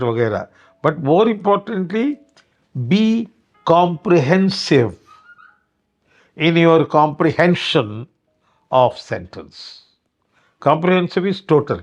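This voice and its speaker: An older man with an Indian English accent giving a grammar lecture, speaking deliberately and acting out example sentences with varied intonation. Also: a little high, lo-fi sound. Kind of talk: classroom lecture.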